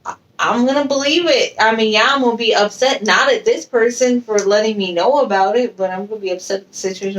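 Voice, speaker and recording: Female co-host, mid pitch, reasoned and chatty, sits back from the mic. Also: steady tone, normal speed, far from the mic. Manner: thoughtful, explains with examples. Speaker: podcast co-host. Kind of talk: casual podcast chat.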